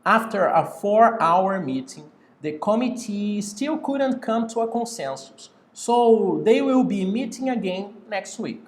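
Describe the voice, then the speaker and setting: Sex: man. Role: patient English teacher on a video call, repeating key words. Pitch: high and lively. Pace: slow. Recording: roomy echo. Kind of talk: online English class.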